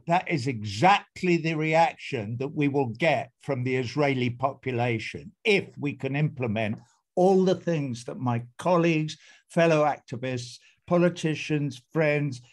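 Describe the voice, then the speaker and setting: A man's voice: on the high side, measured pace. A man giving an impassioned, emphatic speech as an activist guest on a video call, repeating phrases for force.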